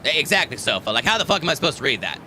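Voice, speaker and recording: Swearing, very animated American man streamer. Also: fairly high pitch, rapid-fire, a little hiss or hum. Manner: profane, joking banter. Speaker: streamer playing a space game. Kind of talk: casual gameplay chat.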